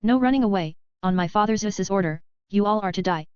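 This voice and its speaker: A woman's voice: mid-range voice, a little fast, darkish tone, clear, resonant tone, dry recording, natural voice. Woman voicing a cruel, vengeful thunder spirit. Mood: threatening. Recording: slightly dull lo-fi audio.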